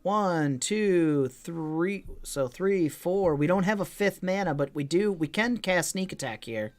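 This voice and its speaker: A man's voice: sits high, expressive, slow pace. Playful man streaming a card game. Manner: playful, banters with chat, swears casually. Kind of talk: casual livestream commentary.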